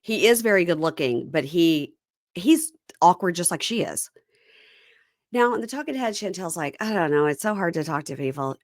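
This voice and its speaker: A woman's voice: fairly low pitch, normal speed, dry recording, studio quality. A woman podcast host chatting casually, recapping a reality show and acting out the cast's lines. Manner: animated storyteller, acts out quotes from the show.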